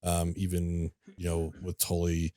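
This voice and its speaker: Male podcast co-host, very low voice, loose rambling chat style. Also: completely flat delivery, measured pace, dark tone, no echo, studio quality. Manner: rambling, filler-heavy, laughs easily. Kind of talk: casual chat.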